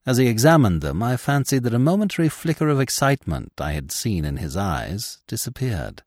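A man narrating a classic mystery novel aloud, measured and expressive. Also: mid-range voice, no echo, clean studio sound.

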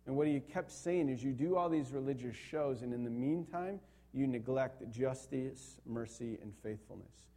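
A man's voice: mid-range voice, moderate pace, mellow. A man, a young to middle-aged pastor, preaching a sermon in an earnest way that builds to emphatic repetition.

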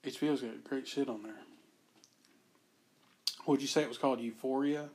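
A man's voice: medium pitch, fairly even intonation, moderate pace, a little mellow. A man in his thirties co-hosting a podcast, chatting casually, crude and teasing, swearing often. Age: 30s. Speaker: podcast co-host. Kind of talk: casual chat.

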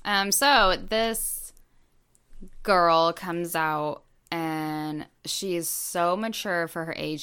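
A woman co-hosting a podcast tells a story at an unhurried, drawn-out pace. Her voice is smooth and clear and sits slightly low, and she fills her sentences with ums and likes as she chats. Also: fairly bright tone. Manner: chatty storytelling with many fillers. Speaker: podcast co-host. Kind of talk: casual chat.

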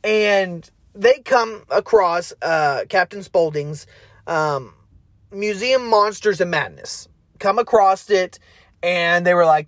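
A man's voice: sits high, slow pace, dry recording, studio quality. Rambling young man swearing through a recap. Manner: loose and excitable, many fillers and restarts, swears freely. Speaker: movie fan retelling a film. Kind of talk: rambling casual movie recap.

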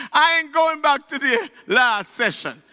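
A man preaching as pastor, with a strikingly high, lively voice that swoops up and down. He moves slowly and deliberately, building to shouted peaks and calling on the congregation to answer. The sound carries the long echo of a church hall. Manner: fervent preaching with shouted peaks and call-and-response. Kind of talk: sermon. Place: church sanctuary.

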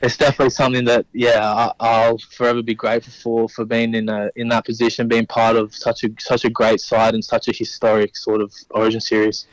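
A young man speaks in a very flat monotone, humble and hesitant, with many restarts. The sound is dry and close. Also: mid-range voice, no room sound, low-quality recording. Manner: humble, halting, full of restarts and fillers. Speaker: professional rugby league player, guest. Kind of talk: conversational interview.

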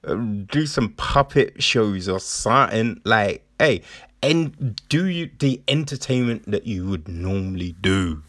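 A man's voice: fairly low pitch, lively intonation, slow, a bit bright, dry recording, clean studio sound. A man hosting a podcast, ranting casually with heavy swearing and sarcastic mock voices. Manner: profane, sarcastic, mocking voices of others. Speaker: podcast host.

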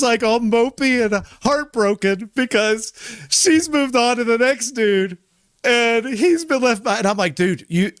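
A man's voice: high voice, fairly bright tone, no room sound, clean studio sound. A man in his forties, a podcast host, casually telling a story and swearing freely as he acts out what people said.

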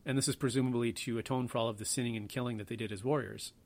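A male podcast host chatting casually at a middling pitch. He rambles, hedges and tosses in self-deprecating asides. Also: steady tone, very fast. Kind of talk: casual history podcast talk.

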